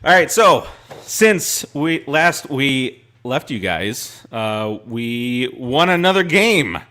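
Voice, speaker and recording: A man's voice: medium pitch, very animated, slow pace, bright, forceful tone. Laid-back man hosting a casual show. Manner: laid-back, teasing banter with stammered restarts. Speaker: podcast host. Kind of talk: casual chat.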